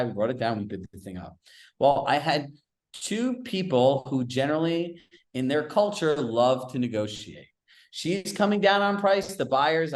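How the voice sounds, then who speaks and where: A man with a mid-range voice speaks as a real estate business coach in a live group coaching session, in an echoey room. He is direct and conversational, telling stories with quick asides.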